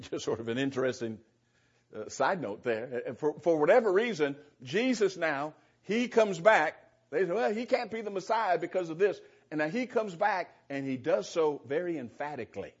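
A middle-aged man with a slightly rough, higher-pitched voice preaches a conversational Bible-teaching sermon. He chuckles often and restarts phrases while explaining verses, and the recording sounds dull and lo-fi.

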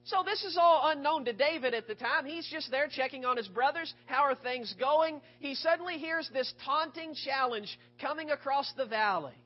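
Guy preaching a sermon, lots of rhetorical questions, high voice, kinda muffled lo-fi. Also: normal speed, few pauses. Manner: expressive storytelling, rhetorical questions. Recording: dull lo-fi recording.

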